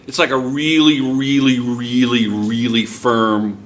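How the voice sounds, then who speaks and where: American guy teaching chemistry, jersey accent, bright voice, keeps quizzing the class, bit of room noise. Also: mid-range voice, level tone, slow. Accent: New Jersey. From United States. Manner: chatty, asks the class questions. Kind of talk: classroom lecture.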